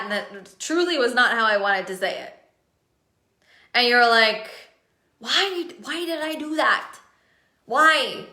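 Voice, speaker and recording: Woman coach live on stream, higher-pitched, eager, asks viewers questions, roomy echo. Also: bright, forceful tone. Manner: enthusiastic, repeats words for emphasis, asks viewers questions. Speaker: business coach running masterminds.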